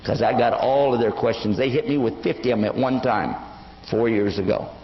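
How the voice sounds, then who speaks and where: Here an older Islamic preacher speaks at medium pitch and a fairly quick pace. His lecture is animated storytelling with acted-out quoted voices, recorded in an echoey hall with dull lo-fi audio.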